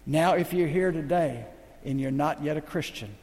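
An older man preaching a sermon as the pastor, telling stories dramatically and swinging between loud and hushed. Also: a little high, moderate pace, big-room sound.

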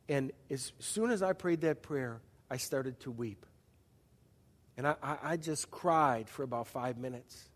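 A man's voice: a little high, moderate pace, darkish tone, big-room sound. A man pastor preaching a sermon in a conversational way, often asking the audience questions and restarting his sentences.

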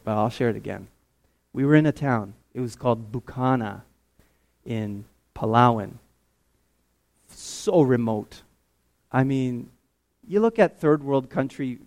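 Male preacher from Canada, mid-pitched, animated testimony delivery that surges high and loud. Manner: animated storytelling, climbs high and loud when excited. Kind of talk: sermon testimony.

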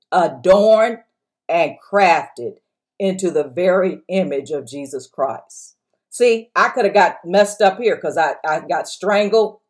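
A woman's voice: fairly low pitch, darkish tone. Emphatic woman pastor preaching. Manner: emphatic preaching with repeated phrases; speaks directly to listeners and encourages them. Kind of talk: sermon.

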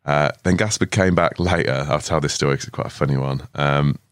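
A man in his twenties with a very deep voice speaks briskly as a podcast guest in a podcast studio. He tells stories in a laid-back, casual chat, swearing often and laughing as he goes. The recording is dry and of studio quality.

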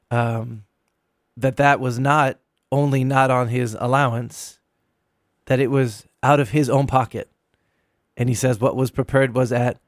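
Earnest pastor, dry close sound. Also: male voice, mid-range voice, dry recording. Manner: earnest, emphatic, slows to stress key words. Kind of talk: recounting a sermon.

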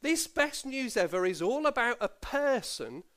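A man, a pastor, reading scripture and preaching a sermon, playful and lively as he asks children questions. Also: very high voice, unhurried. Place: church service.

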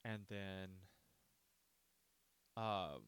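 Smooth-voiced man rambling on a podcast. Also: on the low side, fairly even intonation, very slow, a bit bright. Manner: rambling, joking and profane. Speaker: podcast host. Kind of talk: casual solo podcast chat.

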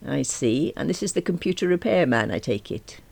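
A man's voice: on the high side, expressive, normal speed, gravelly, darkish tone, dry recording, voice pushed up. A woman reader voicing a cold, grumpy man who speaks curtly in an audiobook. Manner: curt and frosty.

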